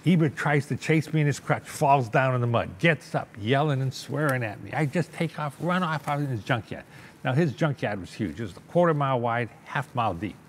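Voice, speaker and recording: An older man telling a long, animated story in a sit-down interview, acting out the voices of the people in it and often checking in with "okay?". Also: medium pitch, brisk, slight background noise. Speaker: interview guest, business owner.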